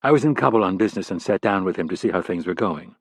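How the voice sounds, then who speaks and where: A man voicing a calm, middle-aged woman intelligence chief in an audiobook, measured and composed. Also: sits low, no room sound, clean studio sound.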